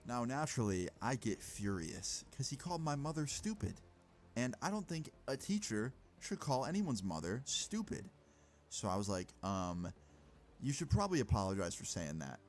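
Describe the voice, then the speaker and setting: A young man casually telling a personal story, brash and profane, retelling the argument with animated energy. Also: on the low side.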